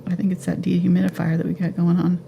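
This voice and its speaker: Relaxed woman teaching painting, slight vocal fry. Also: fairly low pitch, quick pace, highs cut off, slight background noise. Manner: relaxed, thinks aloud while painting. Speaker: painting instructor. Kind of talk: live painting tutorial.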